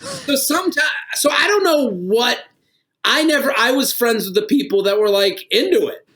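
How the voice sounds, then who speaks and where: A man's voice: extremely high pitch, very animated, moderate pace, a bit bright. Laughing, rambling man telling stories. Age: middle-aged. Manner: rambling, laughs through his stories, swears freely. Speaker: comedian guest. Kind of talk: casual podcast storytelling.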